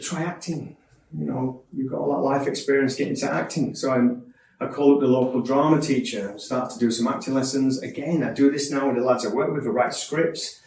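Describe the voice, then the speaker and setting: A man speaks earnestly and openly, often restarting his phrases. He sounds set back from the microphone in a roomy, echoing space with a faint hiss behind him. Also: medium pitch. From Yorkshire, England. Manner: candid, earnest, quick restarts and repeats. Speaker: speaker sharing his life story. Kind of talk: personal testimony talk. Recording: echoey room from a distance.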